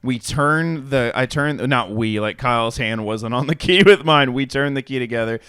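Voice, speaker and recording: On a podcast, a young co-host tells a meandering story in a clear, resonant mid-range voice at a moderate pace. He swears freely and acts out what people said in a chatty storytelling style. The studio recording is clean, with no room sound.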